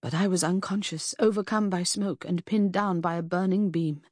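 An earnest, distressed young woman, as a woman narrator puts her on, lifting her voice well above the reader's usual low tone. The tone stays a little husky and is recorded close and dry. She sounds tremulous and pleading. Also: steady tone, moderate pace, darkish tone, no room sound, close to an everyday voice.

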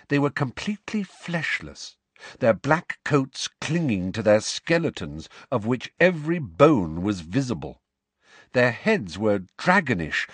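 A man reading a storybook aloud as narrator, measured and expressive. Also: medium pitch, slightly rough, no echo. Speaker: audiobook narrator.

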